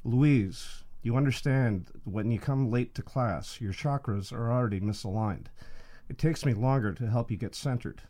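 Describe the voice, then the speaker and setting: A man voicing a fussy male meditation teacher who speaks in a prim, measured way. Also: medium pitch, dark tone, lightly acted. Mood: annoyed.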